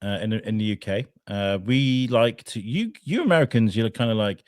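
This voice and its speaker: A man's voice: on the low side, lively intonation, normal speed, a little mellow, no room sound, clean studio sound. An English man, a podcaster guest, tells a rambling, self-mocking story, swearing and laughing as he goes. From England. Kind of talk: casual anecdote in an interview.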